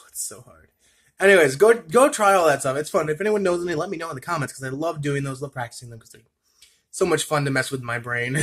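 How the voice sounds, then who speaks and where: A man's voice: a little high, a little fast, a bit bright. A man vlogging casually to camera, rambling and chatty, laughing at himself as he repeats tongue twisters over and over.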